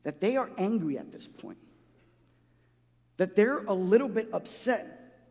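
Heard through a long hall reverb, a pastor preaches in an unhurried yet very animated way, his high voice darkish in tone with some vocal fry. The delivery is loose and conversational, with frequent restarts and acted-out voices for anyone he quotes.

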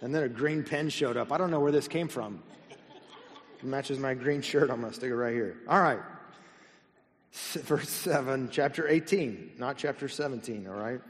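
A male pastor preaching a sermon, reading scripture slowly and adding casual, lightly humorous asides. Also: medium pitch, in a large hall. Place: church sanctuary.

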